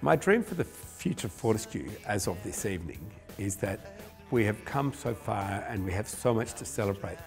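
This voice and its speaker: A man's voice: on the low side, expressive, moderate pace, darkish tone, soft background music. A man, a company founder, telling stories in an earnest, emotional interview. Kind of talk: reflective interview.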